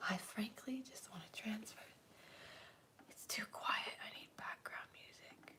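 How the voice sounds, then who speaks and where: A woman's voice: a little high, moderate pace, gravelly. A woman chatting casually on a livestream as host, rambling, often dropping to a whisper and giggling.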